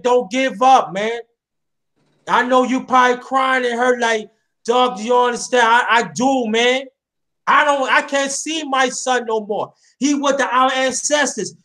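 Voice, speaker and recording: A man's voice: extremely high pitch, sharp tone. A man hosting a casual chat, talking with passion and addressing listeners directly, often repeating himself. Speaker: host.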